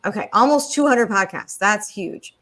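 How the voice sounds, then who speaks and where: A woman's voice: medium pitch, expressive, normal speed, fairly bright tone. A woman hosting a podcast interview, talking in a chatty, enthusiastic way. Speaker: podcast host. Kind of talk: conversational interview.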